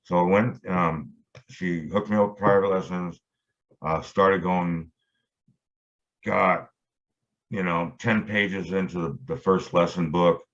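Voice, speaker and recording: Middle-aged guy with a real low voice, rambling story full of ums, kinda muffled lo-fi sound. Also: steady tone, slow, pauses often, a bit bright. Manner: rambling, many fillers and restarts. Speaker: guitarist guest. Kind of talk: casual storytelling interview. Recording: dull lo-fi audio.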